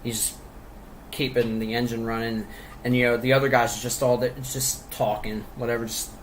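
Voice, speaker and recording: Speaking at a moderate pace in a mid-range, level voice, a male co-host chats casually about a movie on a podcast. He rambles, laughs frequently, and uses lots of fillers and restarts; the audio is poor, with slight background noise.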